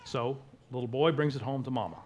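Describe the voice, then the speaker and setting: A man's voice: medium pitch, fairly quick, lo-fi sound. Male pastor, sermon delivery; emphatic, dynamic swings in volume. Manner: emphatic, with wide swings in loudness.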